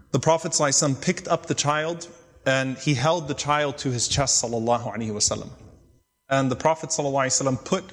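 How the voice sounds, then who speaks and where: A man giving a storytelling sermon, quoting Arabic phrases and then explaining them in English. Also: medium pitch. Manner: retells hadith, quoting Arabic then translating. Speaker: Islamic lecturer. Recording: long hall reverb.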